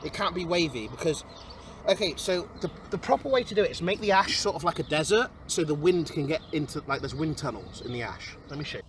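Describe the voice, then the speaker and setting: A young man in an outdoor garden streams a relaxed vlog, his voice a little high and a little fast, with slight background noise. Chatty and excitable, he keeps calling viewers "boys," shifting between mumbled lines and yelling.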